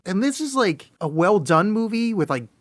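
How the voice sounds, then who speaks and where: Excitable rambling man on a podcast. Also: sits high, moderate pace. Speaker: podcast co-host. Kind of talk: casual chat.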